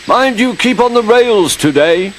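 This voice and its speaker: A man's voice: sits high, animated, measured pace, a little hiss or hum, voice pushed up. A man voicing a big, proud male express engine with a haughty, scolding manner. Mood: mocking. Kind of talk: storybook character voice.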